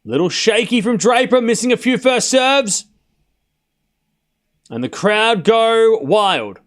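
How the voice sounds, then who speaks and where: Male streamer doing casual tennis play-by-play, fairly high voice with lively swings in pitch, quick jokes between points. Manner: excitable, joking asides between points. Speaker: watchalong host and commentator. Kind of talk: live play-by-play stream commentary.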